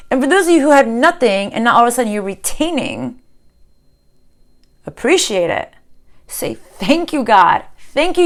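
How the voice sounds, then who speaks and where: A woman giving a spiritual tarot reading to camera, impassioned, swinging from loud outbursts to hushed near-whispers. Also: on the high side. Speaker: tarot reader.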